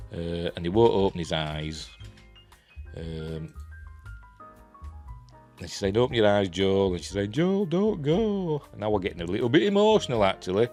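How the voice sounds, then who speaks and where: A deep-voiced man with a Yorkshire accent recaps a TV episode in a loose, rambling way, chuckling and joking at his own expense between fillers. Soft music plays faintly underneath. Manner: rambling, chuckling, self-deprecating, many fillers. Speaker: TV reviewer. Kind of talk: casual spoken review.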